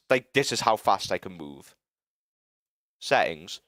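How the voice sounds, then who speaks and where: A young British man with a lowish, smooth and resonant voice, rambling through a live stream. He keeps cutting himself off, swears easily and gets frustrated fast. The sound is dry and close to the mic. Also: lively intonation, a bit bright, no room sound. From Britain. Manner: rambling, self-interrupting, swearing, quick to frustration. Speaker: livestreamer. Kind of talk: casual live-stream chat while game building.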